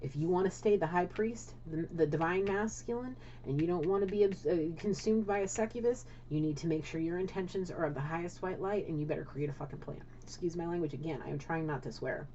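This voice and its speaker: A woman gives a casual spiritual tarot reading in a lowish, warm voice, talking fairly quickly with few pauses. She's blunt, swears, and often checks in with "okay?" The lo-fi audio sounds dull, with slight background noise.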